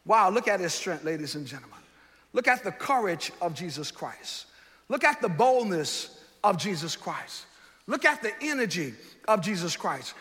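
A man preaching a sermon in a seminary chapel, building with rhythmic repetition, swelling to shouts and dropping low. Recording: long hall reverb.

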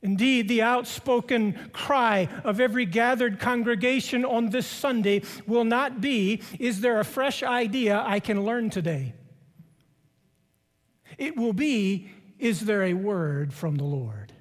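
A middle-aged man preaching a sermon, slowly repeating key phrases for emphasis. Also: sits high. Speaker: preaching professor. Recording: long reverb of a large hall.

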